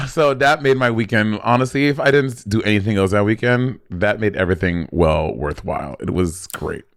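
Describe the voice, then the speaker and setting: A man's voice: on the low side, moderate pace, few pauses, no echo, studio quality. A man co-hosting a podcast, telling a story in casual chat and acting out the dialogue, swearing freely. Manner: animated storyteller who acts out quoted dialogue. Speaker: podcast co-host.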